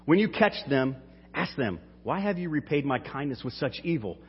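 A man's voice: mid-range voice, big pitch swings, normal speed, husky. Man reading as a stern commanding ruler. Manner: firm, commanding. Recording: dull hall reverb.

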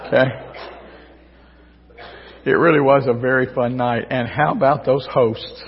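Slow, folksy preacher in a reverberant church. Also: male voice, mid-range voice, fairly even intonation. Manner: folksy, joking with the congregation. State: losing his voice, slightly hoarse. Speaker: pastor. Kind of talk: sermon. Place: church sanctuary. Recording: distant, dull church recording with long reverb.

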